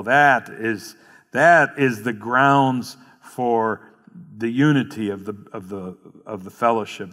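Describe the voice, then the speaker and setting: A man's voice: on the low side, fairly bright tone. A male pastor preaching a sermon, earnestly explaining verses and repeating key phrases. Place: church sanctuary. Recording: long hall reverb.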